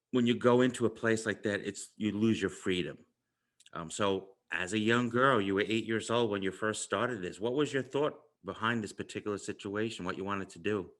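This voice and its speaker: Lower-voiced New York man hosting. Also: fairly bright tone. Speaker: podcast host. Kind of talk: interview podcast.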